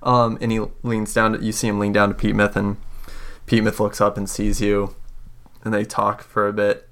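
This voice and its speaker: A man narrating a tabletop role-playing game as game master, halting often with fillers as he describes scenes and speaks for characters. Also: lowish voice, monotone, fairly bright tone.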